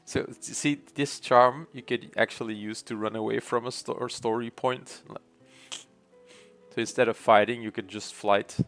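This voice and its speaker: A man streaming a game, chatting casually with relaxed, chuckling asides. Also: medium pitch, moderate pace, soft background music. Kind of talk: casual gameplay commentary.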